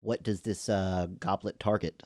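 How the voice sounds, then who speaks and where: A man's voice: low-pitched, fairly even intonation, unhurried, a little mellow, no echo, clean studio sound. A man playing a tabletop role-playing game, talking in a wry, joking way. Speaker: player. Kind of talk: casual tabletop play.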